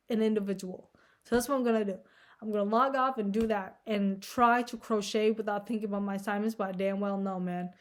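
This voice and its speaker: A young woman vlogging in a casual, rambling monologue, anxious and self-deprecating, filling her talk with "like" and swearing. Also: mid-range voice. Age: young adult. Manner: rambling, heavy "like" filler, frequent swearing.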